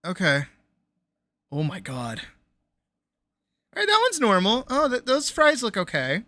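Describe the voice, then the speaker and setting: A woman streamer chatting casually on a live stream, reacting loudly with exclamations, swearing and laughter. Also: mid-range voice, wildly swooping pitch, unhurried. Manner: loud, exclamatory, swears freely, laughs often.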